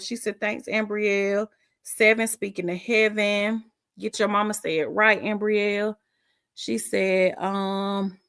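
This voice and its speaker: A woman's voice: medium pitch, fairly bright tone, no room sound, clean studio sound. A middle-aged woman hosting a casual live stream, reading out viewer comments in a chatty, informal way and laughing often.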